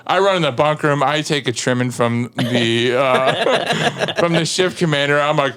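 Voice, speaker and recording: Animated laughing firefighter telling a prank story. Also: male voice, on the high side, normal speed, hardly any pauses. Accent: Chicago-area American. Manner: animated, laughing, full of fillers and acted quotes. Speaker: firefighter guest. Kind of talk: casual storytelling on a podcast.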